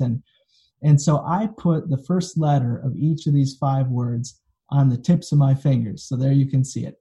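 A man's voice: mid-range voice, dark tone. A man, a pastor, preaching a sermon in a conversational, folksy storytelling manner, recorded for an online video.

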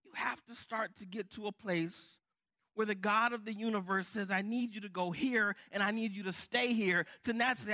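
A man's voice: high voice, steady tone, normal speed, bright, forceful tone. A man preaching a sermon with fervent, building emphasis. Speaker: pastor.

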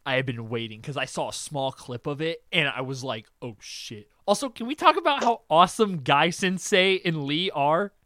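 Excitable, profane male podcast host. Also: on the high side, normal speed, hardly any pauses, no echo, studio quality. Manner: excitable, profane, laughs often. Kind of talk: casual podcast chat.

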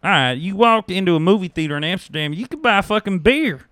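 Casting: man doing a crude, easygoing Southern-drawl hitman, high lively voice, dry sound. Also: fast, no room sound. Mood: laid-back. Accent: put-on American Southern. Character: laid-back male hitman, chatty, Southern drawl. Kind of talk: comedic script read-through.

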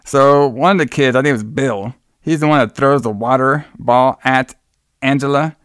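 A man's voice: medium pitch, moderate pace, fairly bright tone, clean tone, dry recording, clean studio sound. A man co-hosting a podcast who recaps a movie in a rambling, laid-back way, laughing often and swearing freely. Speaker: podcast co-host. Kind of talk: casual movie recap chat.

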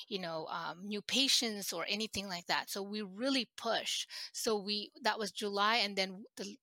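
A middle-aged woman recounting a painful family story in an interview, halting and emotional with many restarts. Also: mid-range voice, pushed and bright, dry recording. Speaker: guest.

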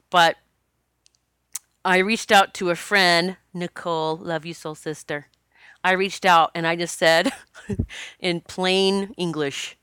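A woman's voice: fairly low pitch, unhurried, sharp tone, smooth, no echo, studio quality. A woman talking to camera in a casual, confessional way, rambling and laughing as she goes. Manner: chatty, laughs often, rambling restarts. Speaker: spiritual vlogger.

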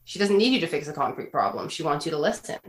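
A woman with a lower voice speaks as a counselor, laying out her advice in an earnest, explanatory way. She acts out the phrases she quotes as she goes. Her voice rings in a roomy, echoing space. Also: sing-song, fast talker. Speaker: guest counselor giving relationship advice. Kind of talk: casual podcast conversation. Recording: roomy echo.

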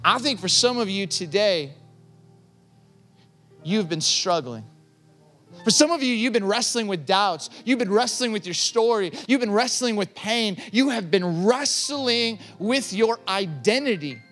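A man's voice: high-pitched, expressive, a little slow, a bit bright, faint music behind. A man preaching a sermon, impassioned and direct, building to emphatic peaks as he speaks straight to the congregation.

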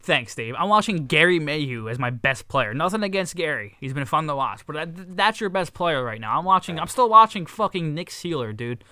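A man co-hosting a casual sports podcast, talking excitedly with lots of swearing and restarts. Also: fairly high pitch, a little fast, few pauses, smooth, dry recording. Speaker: podcast co-host.

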